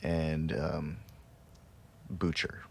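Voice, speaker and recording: Deep gravelly man, playful podcast chat. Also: flat delivery, very slow. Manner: playful, chuckles often, hesitant. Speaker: podcast co-host. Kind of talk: casual chat.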